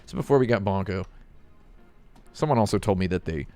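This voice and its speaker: A man's voice: sits low, lively intonation, brisk, darkish tone, faint music behind. A man streaming live, chatting casually and rambling with jokey asides to his chat.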